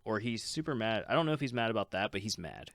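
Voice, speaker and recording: A man's voice: fairly low pitch, expressive, quick pace, a bit bright, dry recording. A man co-hosting a podcast in casual chat, easygoing, laughing often and leaning on fillers. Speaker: podcast co-host.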